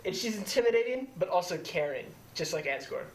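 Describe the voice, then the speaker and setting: A woman's voice: fairly low pitch, very animated, brisk, low-quality recording. A young woman giving a jokey casting presentation in a student TV studio, laughing often. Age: young adult. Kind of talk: casual comedic pitch presentation.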